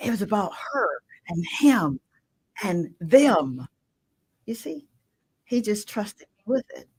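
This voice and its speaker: A middle-aged woman from Mississippi telling her personal story as a guest, impassioned, swinging from loud emphatic bursts to hushed whispers. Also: mid-range voice, big pitch swings, slow, slightly rough, no echo, rough recording. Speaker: guest, radio show host. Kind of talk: emotional personal testimony.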